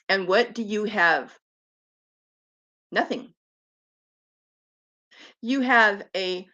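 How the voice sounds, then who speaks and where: A woman's voice: medium pitch, animated, slow pace, pauses often, sharp tone, highs cut off. A woman giving scornful, sarcastic commentary on video clips, swearing freely. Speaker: commentary vlogger. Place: lives on an island.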